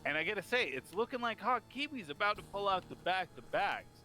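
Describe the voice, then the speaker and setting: A man giving eager play-by-play commentary on a video game race, rising in excitement at each crash. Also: high-pitched, brisk, soft background music.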